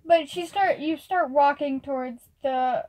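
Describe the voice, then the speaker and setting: Lady game master with a high voice, casual, lots of ums while she narrates the scene. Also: a little mellow, rough recording. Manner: casual, halting narration with many fillers.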